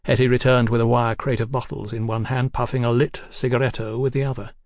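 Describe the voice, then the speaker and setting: A man giving a measured, unhurried scripted reading of a novel, recorded close on a studio mic. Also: medium pitch, flat delivery, a little mellow, no echo. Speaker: audiobook narrator.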